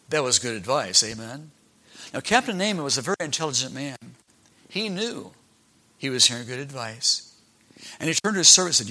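A man tells a Bible story to children with a bright, ringing voice that sits a little above the usual male range. He keeps checking in with his listeners through questions and acts out the characters along the way. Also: a little high, lively intonation, quick pace.

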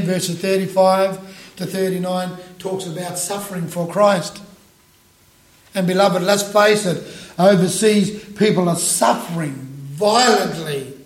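High-voiced male preacher in an echoey room. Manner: swings between loud emphatic bursts and soft low asides; reads scripture aloud in a raised voice. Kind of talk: sermon.

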